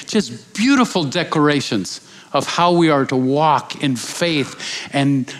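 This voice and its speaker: A male guest preacher with a slightly higher voice delivers a sermon. He tells a story vividly, acting out the voices of the people in it, then moves into earnest encouragement. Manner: animated storyteller, acts out quoted voices.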